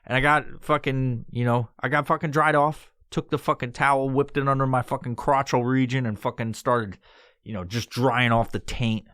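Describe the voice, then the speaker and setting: A man's voice: fairly even intonation, normal speed, a bit bright, smooth, dry recording, clean studio sound. Profane rambling male podcaster. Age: adult with a son. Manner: profane, rambling, acts out his own panicked voice in high squeals. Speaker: podcast host. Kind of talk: casual storytelling.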